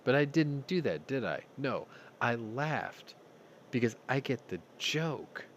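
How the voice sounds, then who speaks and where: A man's voice: mid-range voice, sing-song, slow, a little hiss or hum. A man hosting a news commentary show, talking bluntly with heavy profanity and open anger. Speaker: host.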